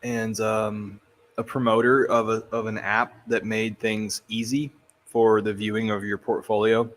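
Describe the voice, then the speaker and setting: A man giving casual commentary on video clips, halting and thinking aloud with frequent restarts. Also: fairly low pitch, little pitch movement. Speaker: crypto commentator.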